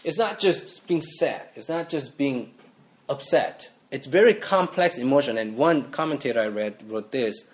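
A man's voice: medium pitch, moderate pace, lo-fi sound. A male pastor preaching a sermon, earnest, pressing his listeners with repeated questions.

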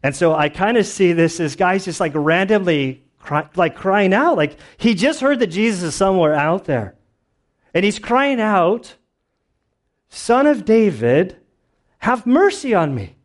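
A man's voice: high voice, expressive, moderate pace. A man preaching a sermon in a casual, conversational way, telling stories with lots of fillers and restarts. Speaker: pastor.

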